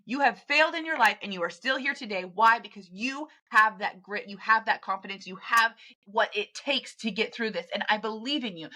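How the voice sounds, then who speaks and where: With a slightly high, sharp-toned voice at normal speed, a woman hosts a podcast and addresses the listener directly. Her motivational monologue is a blunt, emphatic pep talk.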